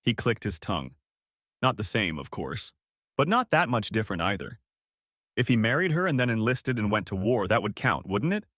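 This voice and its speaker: A man's voice: fairly low pitch, big pitch swings, moderate pace, fairly bright tone, dry recording, studio quality. A man narrating a first-person audiobook story in a brooding, emotional way.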